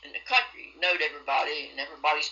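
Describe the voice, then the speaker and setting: Bright-voiced old woman storyteller. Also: sits low, fairly even intonation, racing, lo-fi sound. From West Virginia. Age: older. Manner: rambling folksy storytelling, dialect grammar. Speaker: interviewee. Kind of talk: recorded oral history interview.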